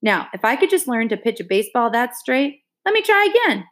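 A woman's voice: on the high side, sing-song, fairly quick, pitched above the performer's own voice. A woman reading aloud, voicing a plainspoken country boy in a dry, blunt manner. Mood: teasing.

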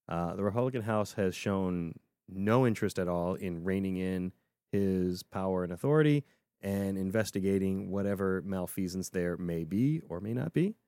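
A man with a low, mellow voice co-hosts a casual political podcast. He talks with energy and often repeats words as he restarts his thoughts. The sound is dry and close. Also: moderate pace, no room sound.

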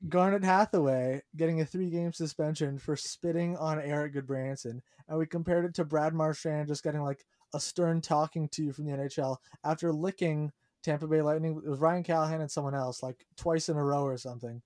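A man co-hosting a casual podcast, chatty and animated, often laughing as he talks. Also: a little high, brisk, hardly any pauses, no room sound. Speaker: podcast co-host.

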